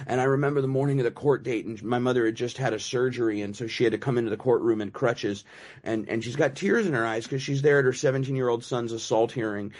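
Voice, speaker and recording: A man's voice: mid-range voice, steady tone, fast, darkish tone. A middle-aged man speaking at a recovery meeting, telling his story in a loose, wry, conversational way with many fillers and restarts. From United States. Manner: wry self-mocking humor. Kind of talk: personal recovery share.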